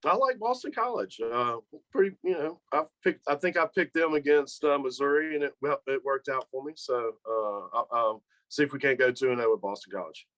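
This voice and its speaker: A man's voice: medium pitch, fairly quick, few pauses, fairly bright tone, no room sound, lo-fi sound. A man co-hosting a casual chat about game picks, laid-back and joking. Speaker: co-host.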